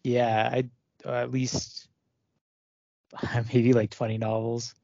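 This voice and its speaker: A man co-hosting a podcast in casual chat, measured and thoughtful with hesitant pauses, recorded dull and dry. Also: medium pitch, little pitch movement, creaky, mellow, no echo. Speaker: podcast co-host.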